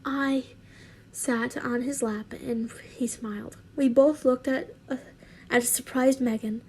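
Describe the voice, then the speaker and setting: A woman's voice: high voice, steady tone, measured pace, a little hiss or hum. A woman reading her fanfiction aloud in a casual way, stumbling over words and adding joking asides. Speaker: fanfiction reader.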